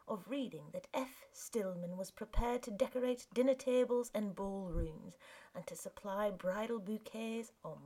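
A woman narrating a period story in a measured, hushed storytelling voice. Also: medium pitch.

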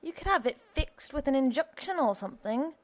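A woman's voice: sits high, animated, fairly quick, pitched above the performer's own voice. A woman voicing a very young husband who speaks hotly and impatiently. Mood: indignant. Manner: indignant, hot-tempered.

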